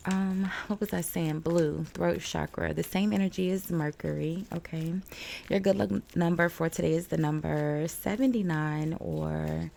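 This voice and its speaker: A woman's voice: deep voice, fairly even intonation, a little slow, gravelly, a little mellow. A woman getting over a cold, chatting casually and rambling through a tarot reading at home. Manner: rambling, chatty, fillers and little laughs. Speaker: tarot reader. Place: home room with balcony door open. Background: faint outdoor noise.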